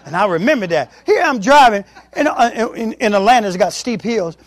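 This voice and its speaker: High-voiced male preacher telling stories. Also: animated, brisk. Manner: emphatic storytelling. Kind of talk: sermon testimony.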